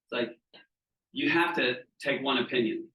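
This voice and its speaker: A man's voice: medium pitch, normal speed, sharp tone. A man from Southeast Florida who teaches a training group and acts out the people in his stories, often asking "right?". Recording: echoey room, mic at a distance.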